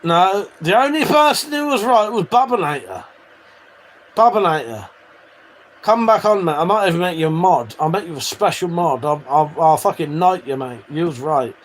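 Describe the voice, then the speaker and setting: British guy on a live stream, lively voice all over the place, sweary banter with chat. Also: fairly high pitch, moderate pace. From United Kingdom. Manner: swears freely, animated banter and teasing.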